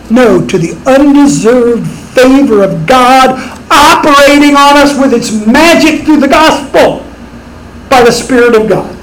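A man's voice: extremely high pitch, measured pace, fairly bright tone, a little hiss or hum, rough recording. A middle-aged man preaching a sermon as pastor, emphatic and rising on his rhetorical questions.

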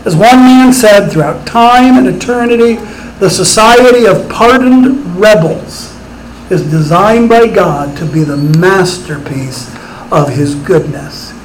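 A man's voice: high-pitched, slow, a little hiss or hum, poor audio. A middle-aged man preaching a sermon as pastor, emphatic and rising on his rhetorical questions.

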